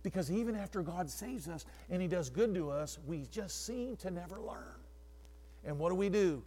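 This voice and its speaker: A male pastor preaching a sermon, calling on congregants by name and swinging from hushed asides to shouts. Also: high voice, animated, normal speed, long reverb tail.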